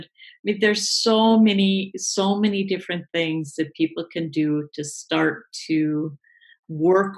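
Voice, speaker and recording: A woman speaking as a guest coach in a live online interview, explaining in a relaxed way with many fillers. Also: low voice, rough recording.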